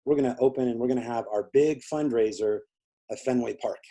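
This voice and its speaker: A man from Indiana, interviewed, spins a long story in casual conversation, rambling with lots of fillers and acting out the people he quotes. His voice is medium-pitched, mellow and a little fast.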